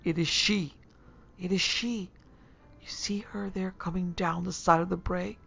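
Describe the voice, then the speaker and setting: A woman voicing a terrified young man who sees a ghost, crying out in panic and hoarse whispers. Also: sits low, steady tone, a little slow, muffled recording, faint music behind, exaggerated voice. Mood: panicked.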